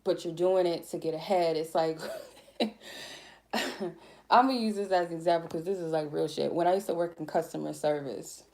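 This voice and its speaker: A woman tarot reader giving a blunt, profane, laid-back spiritual reading in a mellow, chill way. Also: on the low side, steady tone, normal speed, long pauses. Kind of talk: casual spiritual reading monologue.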